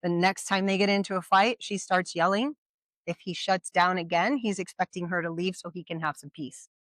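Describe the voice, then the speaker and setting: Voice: medium pitch, fairly even intonation, normal speed, fairly bright tone, no room sound. Chatty workshop presenter, dry close sound. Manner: conversational, with frequent rhetorical questions and audience check-ins. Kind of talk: informal educational talk. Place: community event at a brewery.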